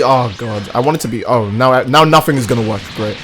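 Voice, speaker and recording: A man live-streaming a game, chatting casually with his viewers and reacting loudly to the gameplay in a crude, animated way. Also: mid-range voice, fast talker, soft background music. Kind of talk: casual live-stream commentary while gaming.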